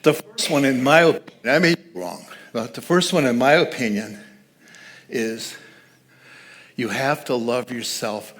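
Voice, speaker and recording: A man's voice: medium pitch, lively intonation, unhurried, a bit bright. A man speaking as guest speaker at a church service, giving a conversational, joking sermon and laughing at his own asides.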